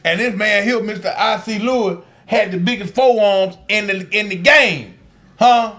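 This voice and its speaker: A man co-hosting a podcast, telling profane, animated childhood stories in casual chat. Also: sits high, moderate pace. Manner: animated, profane storytelling with frequent restarts and laughter. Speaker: podcast co-host.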